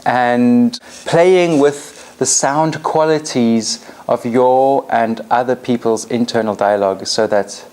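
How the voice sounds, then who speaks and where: A woman trainer leading a live coaching demonstration in front of an audience, animated and directive. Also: very deep voice, slow, hardly any pauses.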